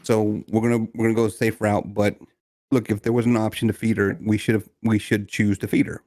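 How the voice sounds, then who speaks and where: A man co-hosting a podcast, telling a family story in casual chat with lots of laughter and animated retellings. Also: brisk, no room sound, studio quality. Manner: animated, mimics people in high voices, laughs often. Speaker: podcast co-host.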